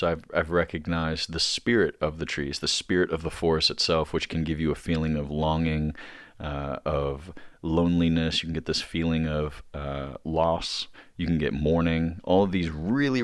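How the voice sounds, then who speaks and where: Male podcast guest, very low voice, meandering delivery, dry close sound. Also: fairly even intonation, moderate pace, no room sound. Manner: rambling, many fillers and restarts. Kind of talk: casual podcast chat.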